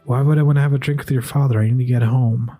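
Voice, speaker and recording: A man voicing a wary, grumbling human father, halting and exasperated. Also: medium pitch, fairly even intonation, warm tone, faint music behind, close to an everyday voice.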